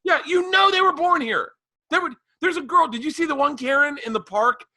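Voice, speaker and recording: A man's voice: very high-pitched, a little fast, bright, forceful tone, no room sound. A man co-hosting a podcast, telling stories in casual chat, emphatic and profane. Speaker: podcast co-host.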